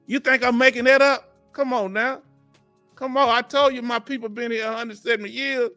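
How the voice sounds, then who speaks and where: High, bright-voiced Texan man joking. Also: steady tone, moderate pace, soft background music. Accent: Southern US (Texas). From Houston, Texas. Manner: joking, laughs often, talks to chat viewers. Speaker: veteran livestream host. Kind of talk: casual live-stream chat.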